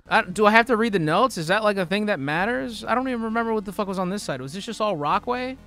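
Excitable, foul-mouthed male gamer, bright voice. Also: high voice, fast talker, few pauses. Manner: excitable, profane, sudden yelling outbursts. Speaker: streamer. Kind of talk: live gameplay commentary. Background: faint game soundtrack music.

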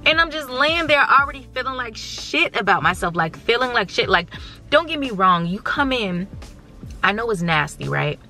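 A woman's voice: on the high side, very animated, normal speed, pushed and bright, soft background music. A woman in her thirties from the United States, talking candidly and emotionally to her viewers in a casual vlog. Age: 30s. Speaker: vlogger.

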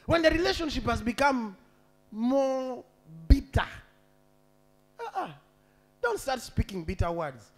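A male pastor delivers a sermon in a strikingly high, husky, gravelly voice. His pitch swings widely as he shouts, half-sings and then drops to a near-murmur. Faint music plays underneath. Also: sing-song, unhurried, long pauses. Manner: preaching with shouted peaks and sung phrases.

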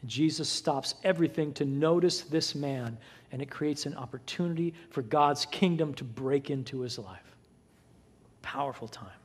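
Male pastor, higher register, dramatic storyteller, large reverberant church. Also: moderate pace, slightly rough. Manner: dramatic retelling with voiced quotes. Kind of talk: sermon. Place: church sanctuary. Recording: long hall reverb.

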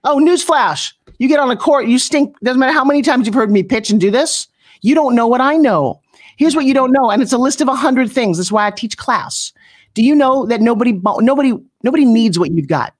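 A middle-aged woman coaching people on pitching in an interview, brash and punchy, often slipping into mocking voices. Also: lively intonation, fairly quick. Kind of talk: energetic motivational coaching talk.

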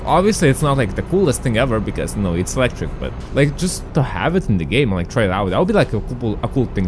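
Excitable man with a lively, swinging voice. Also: medium pitch. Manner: excitable, talks to the viewers and shouts at traffic. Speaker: gaming streamer. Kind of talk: casual gameplay commentary.

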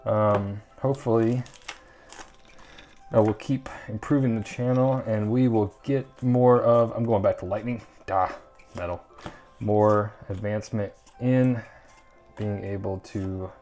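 A man's voice: fairly low pitch, dark tone. A young man hosting a casual card-opening video, chatting and rambling with lots of ums and uhs. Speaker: channel host opening trading card packs.

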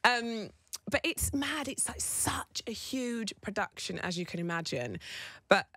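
A British woman in her thirties chatting as a radio guest, telling stories in an animated way with voiced quotes. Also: mid-range voice, unhurried, dry recording, studio quality. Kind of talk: radio studio interview. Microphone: studio microphone.

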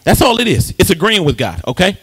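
A male pastor preaching a lively sermon in a church, joking with the congregation and breaking into sing-song call-and-response. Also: high voice, fairly quick, slightly rough, rough recording. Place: church sanctuary.

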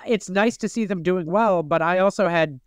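A man from Michigan co-hosting a podcast who rambles through a playful story. His voice sits a bit high and sounds clean and smooth. The room is dry. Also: normal speed, no room sound. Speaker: podcast co-host. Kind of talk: casual chat.

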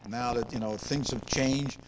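A man's voice: mid-range voice, fairly even intonation, unhurried. An older man hosting a local interview show. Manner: rambling, repeats words, asks leading questions. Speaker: host. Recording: noisy 2002 local cable recording.

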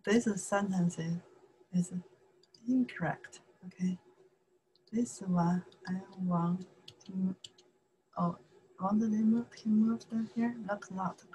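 A woman with a Chinese accent, a native Chinese speaker, teaching a casual language lesson in slow, repetitive steps and checking "okay?" after each point. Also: medium pitch, fairly even intonation, mellow, slight background noise, low-quality recording. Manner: slow, repeats words, says okay often.

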